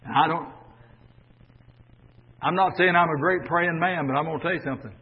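Older preacher, shouting and reverberant. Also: male voice, a little high, a little fast, husky. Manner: swings from shouting fervor to quiet storytelling. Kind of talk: Pentecostal-style sermon on the air. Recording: dull lo-fi audio with long church reverb.

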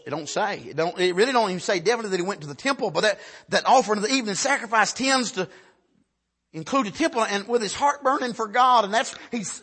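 A man preaching a sermon with passion, dropping to a hush and then building to shouts, with a steady stream of "Amen.". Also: high-pitched, husky. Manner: impassioned, swings from hushed to shouting, frequent "Amen".

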